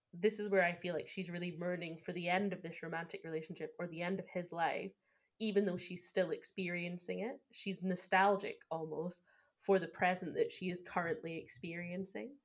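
A young woman chatting on a podcast about a film she loves. Her voice sits a little low, and she talks with eager, gushing enthusiasm. She also picks the film apart with careful analysis. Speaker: podcast co-host. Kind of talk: casual film discussion podcast.

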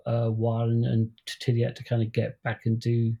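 A man's voice: medium pitch, completely flat delivery, moderate pace, creaky, dark tone. A man co-hosting a podcast, telling a long story in a rambling, casual way with many restarts. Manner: rambling storyteller, acts out quoted voices. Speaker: podcast co-host. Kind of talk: casual chat.

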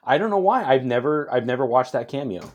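A man co-hosting a casual podcast, talking in an animated way, laughing often and restarting his sentences. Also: medium pitch, fairly quick, highs cut off. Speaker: podcast co-host. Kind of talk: casual chat.

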